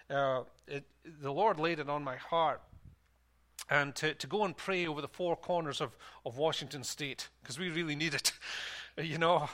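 A man, a pastor preaching a sermon and telling a story, animated and laughing at times. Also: on the high side.

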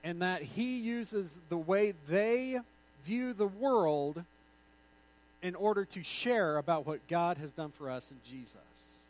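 A man's voice: high-pitched, low-quality recording. A male pastor giving an informal, conversational sermon with joking asides.

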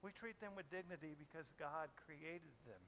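A man's voice: fairly high pitch, moderate pace, a bit bright, a little hiss or hum. A man preaching a sermon as a pastor, in a conversational way that asks the listeners rhetorical questions.

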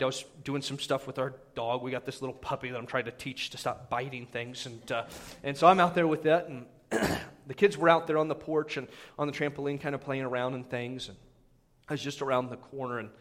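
A man in his thirties, a pastor preaching a sermon, telling a personal story in an animated, conversational way and often turning to the congregation with quick asides. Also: medium pitch.

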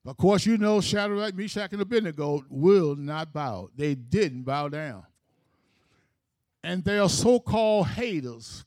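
A male preacher with a high-pitched voice delivers a sermon in emphatic, rhythmic phrases. He tells the story as he goes. The recording is close and dry. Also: darkish tone, no echo.

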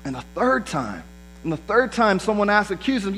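A man's voice: sits high, very animated, normal speed, a bit bright, slight background noise, poor audio. A man preaching a sermon in a conversational way, acting out the lines of the people he quotes. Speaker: pastor.

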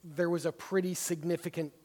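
A man's voice: a little high, little pitch movement, brisk, mellow, in a large hall. A man leading a Bible study class, talking conversationally with many fillers. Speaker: class teacher.

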